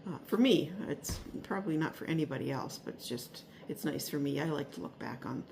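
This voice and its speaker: A deep, creaky female voice with lively intonation comes through a little fast over background noise. The speaker is a vlogger at home in an upstairs spare room, a little out of breath as she rambles hesitantly through a casual weekly garden update full of fillers and restarts.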